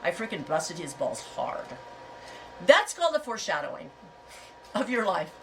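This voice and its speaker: A woman's voice: fairly low pitch, big pitch swings, normal speed, distant mic, a little hiss or hum, low-quality recording. A middle-aged woman hosting a casual livestream chat, talking in a frank, rambling way and telling stories with animation. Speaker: host.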